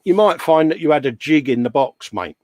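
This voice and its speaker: This man's voice is fairly high and a little mellow, with lively intonation and a slightly fast pace. As a co-host on a casual livestream, he's chatty, bantering, yawning, and calling everyone mate.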